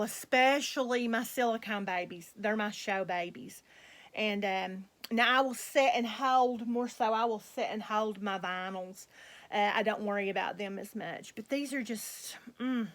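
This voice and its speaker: A middle-aged woman, chatting casually to her viewers as the host of her own channel, gushing in a soft, drawn-out way. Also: fairly high pitch. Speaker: reborn doll collector and channel host.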